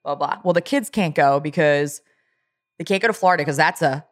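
A woman's voice: low voice, brisk. A young woman co-hosting a casual chat podcast, telling stories with lots of "like.". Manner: chatty storyteller, lots of "like". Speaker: podcast co-host.

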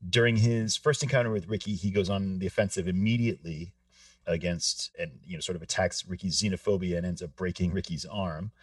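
A man co-hosting a podcast, explaining things in a measured, explanatory way. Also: low voice, steady tone, dry recording, recorded from a distance. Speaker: podcast co-host. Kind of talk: casual podcast discussion.

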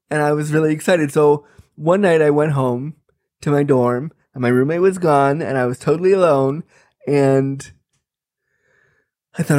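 A man's voice: on the high side, normal speed, a little mellow. A man in his thirties telling a comic personal story, candid and chatty, full of fillers. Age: 30s.

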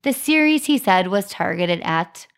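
A woman's voice: on the low side, animated, measured pace, smooth. A young woman co-hosting a chatty podcast, telling an upbeat story and reading out marketing details. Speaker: podcast co-host. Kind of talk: casual chat.

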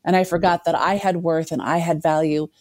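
A woman's voice: lowish voice, steady tone, brisk, a little mellow, no room sound, clean studio sound. A woman in her fifties, a guest telling a candid, self-deprecating personal story and laughing at herself.

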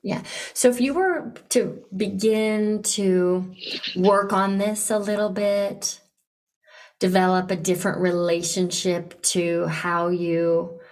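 A woman coaching a client in conversation, encouraging and animated, acting out eager invitations to make her point. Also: mid-range voice. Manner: encouraging, animated, role-plays enthusiastic invitations. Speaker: business coach hosting a coaching session.

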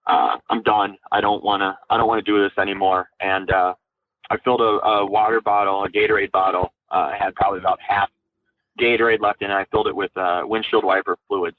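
A young man from Minnesota, an Army veteran, telling his own story candidly in an interview, with many halting fillers and restarts. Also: lowish voice, fairly bright tone, no echo, rough recording. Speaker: guest, Army National Guard veteran.

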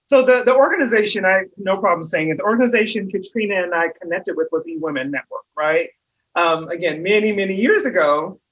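A woman hosts a relaxed interview in a slightly husky voice. She affirms her guest often and tells her own story with enthusiasm. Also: on the low side, fairly quick, rough recording. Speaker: host. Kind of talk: casual interview conversation.

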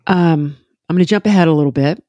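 Woman interviewer, mellow voice, keeps saying right right, dry sound. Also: sits low, quick pace, no room sound. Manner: warmly affirming, asks repeated questions. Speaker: interviewer host.

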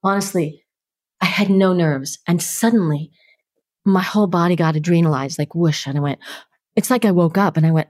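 A middle-aged woman, a podcast guest telling stories with lively energy and acting out the voices in them. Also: fairly low pitch, normal speed, dry recording, studio quality. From New York. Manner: lively, acts out the voices in her stories, laughs often. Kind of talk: animated storytelling.

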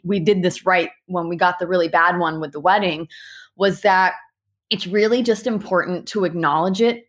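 Lower-pitched woman telling animated stories. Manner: animated storytelling with quick asides and restarts. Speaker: guest who handles reviews for partner animal hospitals. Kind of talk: casual interview answers.

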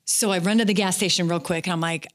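A middle-aged woman with a somewhat low voice tells her story as an interview guest. She speaks candidly and haltingly, with many pauses and fillers. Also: steady tone.

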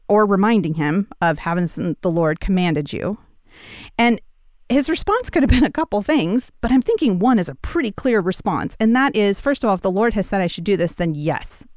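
Recorded dry with a clean studio sound, a woman with a mid-range voice walks through a Bible passage casually and conversationally. She tells the story with lively, acted-out quotes.

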